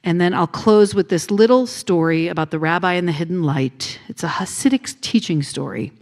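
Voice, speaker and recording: A woman minister giving a gentle, intimate sermon on a handheld mic in a church, with soft hushed phrases. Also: fairly low pitch, moderate pace. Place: church sanctuary.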